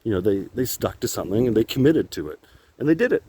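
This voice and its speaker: A man's voice: fairly low pitch, big pitch swings, quick pace, dark tone, husky. A man vlogging on his phone while walking outdoors, talking in a meandering, candid way, laughing often and swearing casually. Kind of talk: rambling walk-and-talk vlog. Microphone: phone held while walking.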